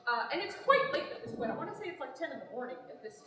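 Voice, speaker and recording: A young woman improv performer telling a funny story on stage, animated and laughing, often exasperated. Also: high voice, racing, crowd noise. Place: theater stage. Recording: echoey theater hall from far off, audience.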